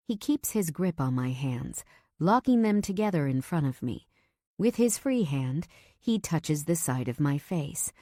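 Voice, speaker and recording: A woman reading a first-person audiobook in a tense, measured storytelling manner. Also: deep voice, big pitch swings, mellow, dry recording, studio quality. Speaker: narrator.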